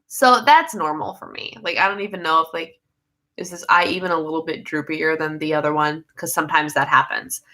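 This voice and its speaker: A woman's voice: low voice, fairly quick, sharp tone. A young woman, chatting casually on a home livestream, rambling and laughing mid-sentence as she reads comments. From United States. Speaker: livestream host reading viewer comments. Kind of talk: casual live chat.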